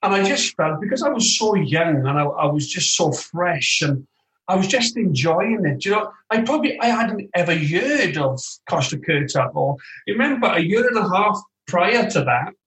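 A man as an interview guest, telling football anecdotes in an animated way and acting out other voices, recorded remotely. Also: sits high, normal speed. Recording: roomy echo, distant from the mic.

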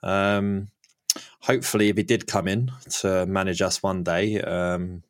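A man's voice: low-pitched, fairly even intonation, a little slow. A man hosting a casual football podcast, chatty and laughing often. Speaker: podcast host.

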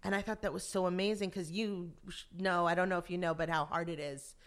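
A woman, an actress and voice actor, chatting as an interview guest and telling animated stories. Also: fairly low pitch, fairly quick. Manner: animated storyteller, acts out quotes. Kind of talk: casual interview chat.

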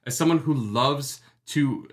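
A man's voice: mid-range voice, measured pace. A man co-hosting a casual book discussion stream, rambling and joking with many fillers and restarts. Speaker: podcast co-host.

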